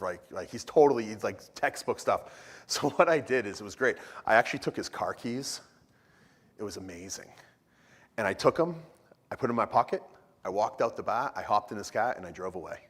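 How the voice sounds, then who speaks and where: Energetic man teaching in a church hall. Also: lowish voice. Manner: animated, joking, frequent restarts. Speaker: conference speaker. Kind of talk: energetic church conference talk. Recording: long hall reverb.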